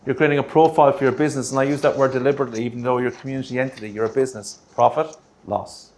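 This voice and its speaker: A man presenting a grant writing workshop, punchy and energetic, checking in with the room with quick rhetorical questions. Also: mid-range voice. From Australia.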